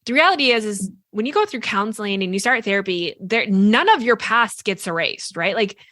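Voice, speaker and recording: A woman's voice: mid-range voice, expressive, brisk, sharp tone, no room sound, studio quality. A woman co-hosting a podcast, talking earnestly in casual reflective chat, full of "like" and "right?" as she explains. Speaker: podcast co-host.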